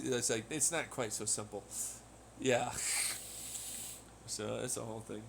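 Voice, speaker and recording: A man's voice: medium pitch, measured pace, vocal fry, long pauses, fairly bright tone, a little hiss or hum. A man rambling in a casual solo podcast, profane, with sudden angry outbursts. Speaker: podcast host.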